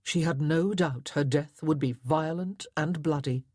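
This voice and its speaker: A woman's voice: deep voice, a little slow, darkish tone, breathy edge, dry recording, clean studio sound. A woman narrating a historical romance audiobook in a dramatic, tense storytelling manner. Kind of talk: scripted narration.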